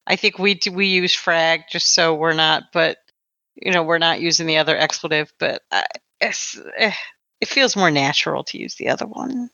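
Female podcast co-host, bright and tense tone, hesitant delivery, dry muffled recording. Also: deep voice, normal speed, dry recording. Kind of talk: casual chat. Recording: dull, dry lo-fi sound.

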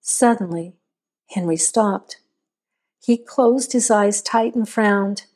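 A woman reading a scripted horror story aloud in a measured, steady storytelling voice. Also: mid-range voice. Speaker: narrator.

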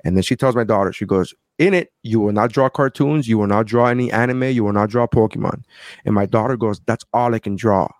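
A man's voice: fairly low pitch, fast, no room sound, studio quality. A man telling a personal story in casual chat and acting out the people he quotes. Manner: animated, acts out quoted people.

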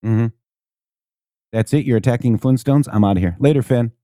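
A man's voice: mid-range voice, normal speed, mellow, no room sound, studio quality. A man co-hosting a casual political talk stream, talking emphatically with many rhetorical questions. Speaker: co-host.

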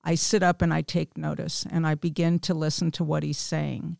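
A woman's voice: deep voice, little pitch movement, moderate pace, gravelly, a little mellow, no echo, studio quality. A woman in her fifties, a small group leader, candidly telling a personal faith story with self-deprecating humor. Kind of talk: personal testimony in casual chat.

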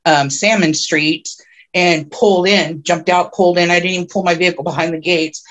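A woman guest on a podcast, telling a long personal story in a rambling way with many restarts, who gets excited at the tense parts. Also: normal speed. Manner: grows excited and high-pitched when telling the tense parts. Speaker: podcast guest, self-described oracle.

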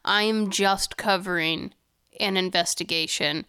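Playful woman co-host with smooth voice. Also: medium pitch, fairly even intonation, pushed and bright, dry recording, clean studio sound. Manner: playful, quick reactions, self-deprecating. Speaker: podcast co-host. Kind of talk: casual chat.

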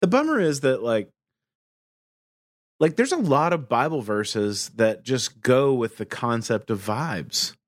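Slow, laid-back man with a stoner drawl. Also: mid-range voice, very animated, no room sound, studio quality. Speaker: podcast co-host. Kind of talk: casual chat.

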